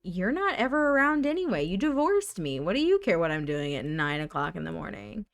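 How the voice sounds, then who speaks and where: A woman's voice: low-pitched, big pitch swings, a little fast, gravelly, clean tone, dry recording, pitched below the performer's own voice, heavily acted. A woman voicing a bitter, drunk divorced man in a life-sim game, with a dismissive, resentful manner.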